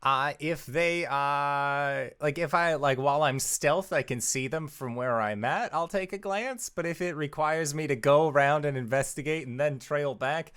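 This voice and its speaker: A man's voice: a little high, normal speed, hardly any pauses, fairly bright tone, smooth. A man playing a tabletop game, casually plotting his character's moves. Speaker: player.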